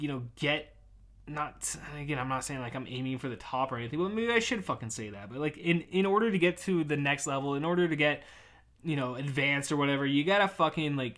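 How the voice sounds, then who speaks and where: A man in his thirties hosting a podcast, rambling through a frustrated rant with heavy swearing and many fillers, swinging between loud outbursts and mumbling. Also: mid-range voice. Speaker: podcast host. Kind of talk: casual rant.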